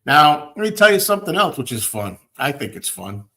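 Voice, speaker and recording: A man hosting a show, ranting and telling everyday stories in a casual, animated way. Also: fairly high pitch, brisk. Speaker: host. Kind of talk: casual chat.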